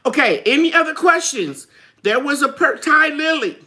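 A chatty middle-aged woman with a drawl hosts a live gardening chat. Her voice is bright and forward, and she laughs often. She stretches out words when she wants to stress them. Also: sits high, big pitch swings, normal speed. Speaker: gardening channel host. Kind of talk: live chat reading viewer comments.

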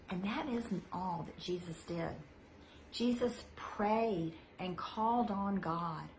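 A woman giving a children's message in a worship service, speaking slowly and gently as she tells a Bible story to young listeners. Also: on the low side, slight background noise, low-quality recording. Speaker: children's minister.

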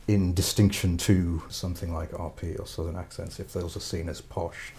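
Male academic interviewee, very low mellow voice, even delivery, pauses to think. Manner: thoughtful, hesitant with fillers. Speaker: linguistics professor. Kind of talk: interview explanation.

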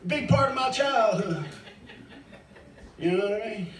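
High-voiced man doing crude bar stand-up. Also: animated, measured pace, a crowd in the background. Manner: crude, rambling, swears freely. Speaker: stand-up comic. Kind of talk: open mic stand-up. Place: bar stage. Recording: echoey bar, mic far off.

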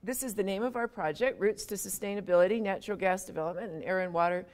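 A woman's voice: medium pitch, fast, a little mellow. A woman giving a public university lecture in a conversational way, with wry, self-deprecating humor and frequent asides.

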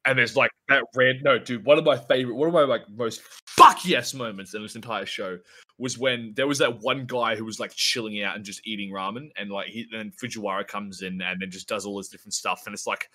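A man co-hosting a podcast in casual chat, excitable and rambling, swearing a lot as he talks. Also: fairly low pitch, fast, few pauses. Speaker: podcast co-host.

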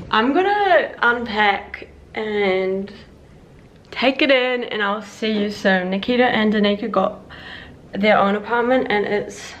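A young woman in her twenties vlogging casually, gushing and swearing with excitement, at times tearful. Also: on the high side, a little hiss or hum. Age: young adult. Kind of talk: casual vlog.

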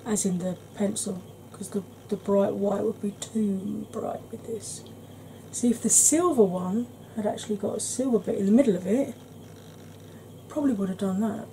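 A woman talks softly and gently through an ASMR makeup tutorial, calling her viewers "darling" as she works. Her voice has a mellow, relaxed tone at a middle pitch. A faint hiss sits under the recording. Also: moderate pace. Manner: chatty, gentle, dotted with "darling". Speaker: beauty vlogger.

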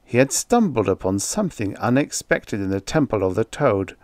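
Male audiobook narrator, low voice, measured and grave, dry studio sound. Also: big pitch swings, a little mellow, no room sound. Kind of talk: scripted first-person narration of a horror story.

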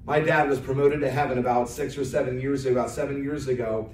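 A man's voice: mid-range voice, fairly even intonation, a little hiss or hum. An American man preaching a sermon as an evangelist, praying and then building to emphatic, rising lines. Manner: preaching with emphatic rises, pausing on fillers. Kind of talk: sermon with prayer. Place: church sanctuary. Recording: distant roomy church sound.

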